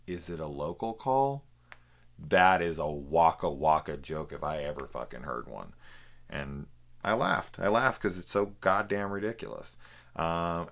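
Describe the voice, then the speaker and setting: A man's voice: a bass voice, fairly bright tone. A young man casually reviewing a film, rambling, swearing freely and laughing at how silly it is. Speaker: movie reviewer.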